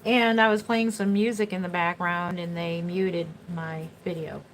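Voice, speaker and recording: A woman's voice: lowish voice, flat delivery, a little slow, a little hiss or hum, low-quality recording. A middle-aged woman chatting casually and rambling on a livestream as a doll artist, laughing often.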